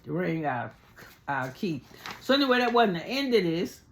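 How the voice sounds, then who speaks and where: A woman vlogger recapping a reality show in casual, profane storytelling, animated and chatty, acting out what people said. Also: lowish voice, moderate pace, slight background noise. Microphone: on camera, speaking to viewers.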